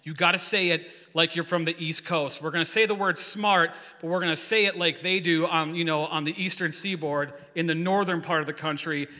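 Man, youth pastor, joking rambling sermon, bright and high, church hall echo. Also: a little fast, hardly any pauses. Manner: joking, energetic, rambling storyteller. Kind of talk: casual sermon with congregation call-and-response. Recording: long hall reverb.

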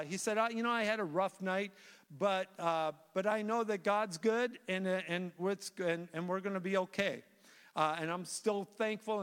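A man preaching a sermon, telling a story in an animated way with frequent restarts and fillers. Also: high voice, clear, resonant tone. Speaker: guest preacher. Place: church sanctuary. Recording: reverberant church sanctuary.

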